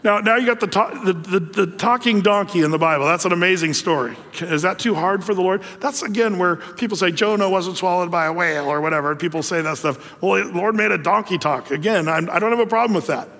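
A pastor with a notably high, slightly bright voice preaches a folksy, humorous sermon, retelling scripture with plenty of fillers. He speaks briskly with hardly any pauses, and his words carry the long reverb of a large hall.

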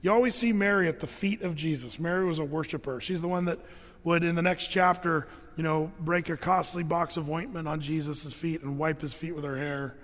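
A male pastor preaching a sermon, reading scripture and explaining it in a casual, joking way, his voice dropping lower for the verses. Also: steady tone, fairly quick, fairly bright tone. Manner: conversational and jokey, drops low for read verses. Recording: long hall reverb.

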